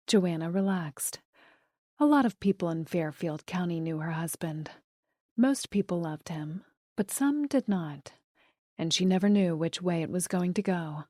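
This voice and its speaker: A woman narrating an audiobook in a soft, hushed delivery. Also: on the low side, unhurried, no echo, clean studio sound. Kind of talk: scripted narration.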